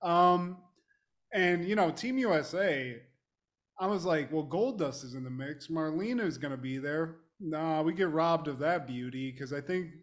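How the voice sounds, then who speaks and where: A man co-hosting a podcast, talking about old wrestling in an animated, profane way, mimicking people and breaking into laughter. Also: fairly high pitch, moderate pace. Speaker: podcast co-host. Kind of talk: casual wrestling recap chat.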